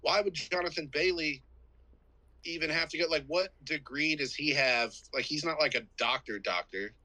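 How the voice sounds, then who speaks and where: Bright, animated man rambling about movies. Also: fairly high pitch, normal speed, dry recording, poor audio. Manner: rambling, many "like" fillers, acts out scenes. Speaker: podcast co-host. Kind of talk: casual movie-review chat.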